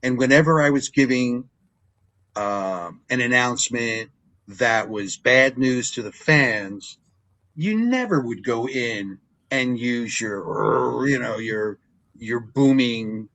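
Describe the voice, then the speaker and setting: A man's voice: mid-range voice, takes it slowly. An older man, a wrestling ring announcer, telling stories as an interview guest and acting out remembered dialogue. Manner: animated storyteller who acts out remembered dialogue. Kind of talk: casual interview storytelling.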